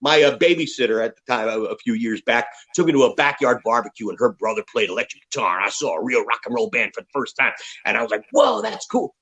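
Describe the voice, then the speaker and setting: A man's voice: mid-range voice, fast talker, low-quality recording. A man in his fifties, a rock musician telling candid, profane stories as an interview guest. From United States. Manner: profane, animated storyteller.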